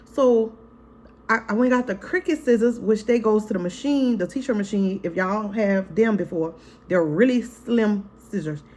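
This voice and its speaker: Woman host, casual storytime, mid-pitched voice, vivid and blunt, swears freely, talks to her viewers like friends. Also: a little mellow. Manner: chatty, frank and profane, keeps calling to viewers as "y'all" and "girl"; re-enacts scenes vividly in the retelling. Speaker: family vlogger, mother.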